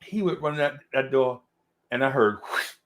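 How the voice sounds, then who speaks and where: A man of medium pitch, speaking at a moderate pace, recounts a story from his childhood during a relaxed conversation as a podcast co-host. He laughs a lot and brings the characters to life by performing them.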